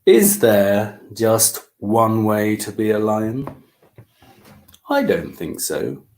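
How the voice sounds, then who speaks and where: A man reading his picture book aloud to young children, animated and inviting them to join in. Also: lowish voice, extremely slow.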